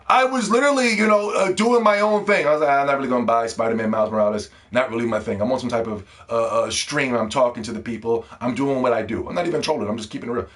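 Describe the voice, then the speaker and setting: A man's voice: medium pitch, quick pace, hardly any pauses, a bit bright. A man ranting to the camera about games, heated and profane, repeating words when worked up. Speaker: gaming video host. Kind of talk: ranting video commentary.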